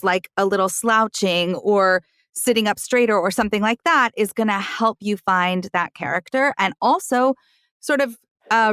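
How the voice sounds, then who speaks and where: A woman hosting a roundtable podcast and reflecting on her work in a relaxed, explanatory way. The sound is dry and close, with no room around her. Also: mid-range voice, no echo. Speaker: podcast host. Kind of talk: casual roundtable discussion. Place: recording booth.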